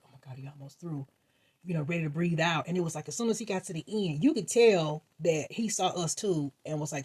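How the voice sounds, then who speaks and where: A vlogger with a husky, mid-range voice casually recounts a funny dream. She's animated, acting out voices and reactions, laughing often and swearing freely.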